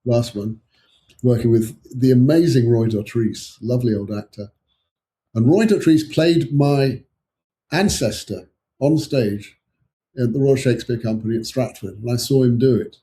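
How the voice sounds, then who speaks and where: A man's voice: mid-range voice, moderate pace, warm tone. An older English man, an author guest, telling rambling anecdotes in casual chat with chuckling asides.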